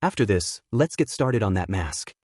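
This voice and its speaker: A man voicing a reserved, earnest teenage boy hero in a quiet, measured delivery. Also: fairly low pitch, sing-song, dry recording, clean studio sound.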